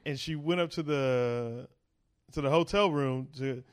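A comedian guest on a podcast, this man rambles through a story full of swearing, slipping into the voices of the people in it. His voice sits at a middle pitch for a man. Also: a little slow, clear, resonant tone. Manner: profane, rambling, acts out quoted voices.

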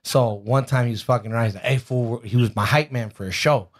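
A man chats casually as a podcast guest. His voice sits at an ordinary middle pitch. His talk is loose, profane and full of street slang and false starts. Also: fast. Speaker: rapper guest.

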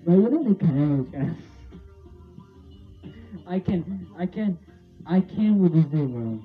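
A man's voice: fairly high pitch, lively intonation, unhurried. A young man in a casual rant, rambling and repeating himself, often laughing and swearing as he talks. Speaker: vlogger. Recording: tinny phone-like sound with faint music.

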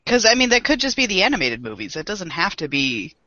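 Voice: medium pitch, big pitch swings, fast, pushed and bright, no room sound. A podcast co-host in casual, joking chat, laughing often, heard over an online call. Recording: dull lo-fi call audio.

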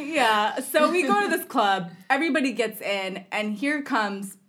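A woman's voice: fairly high pitch, expressive, unhurried, hardly any pauses, a bit bright. A woman on a podcast telling a long, casual story, acting out what people said in changing voices and laughing often. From Los Angeles area. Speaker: podcast guest.

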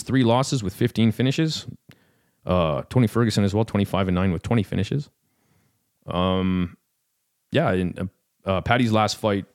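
A man's voice: lowish voice, darkish tone. A man hosting a fight podcast, chatting casually in a rambling, self-deprecating way with lots of fillers. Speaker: podcast host. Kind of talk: casual chat about fights.

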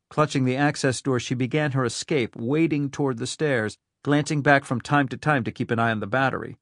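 A man narrating a thriller audiobook in a steady, even storytelling manner. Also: mid-range voice, a little fast, few pauses, no room sound, studio quality.

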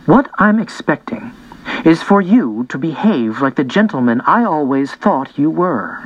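A man's voice: a little high, big pitch swings, measured pace, muffled recording. A man voicing a firm but caring middle-aged mother in an audiobook. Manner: firm, then gentle and concerned.

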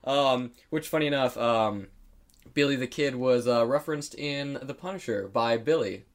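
A young man in casual podcast chat, rambling and laughing as he goes. His pitch sits in the middle of the male range. He drops swear words easily between his fillers. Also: moderate pace. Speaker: podcast co-host.

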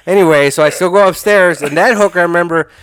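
Fast-talking crude storyteller man. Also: sits high, a bit bright, clear, resonant tone, no echo, studio quality. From Illinois. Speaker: podcast guest storyteller. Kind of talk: casual chat.

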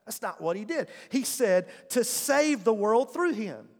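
A pastor preaches emphatically in a church sanctuary, calling on the congregation to answer him. His high, sing-song voice moves at a measured pace amid long church hall reverb.

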